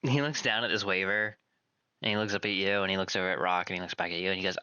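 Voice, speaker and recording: A man narrating as game master of a tabletop game, relaxed and descriptive. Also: low-pitched, quick pace, clean tone, dry recording.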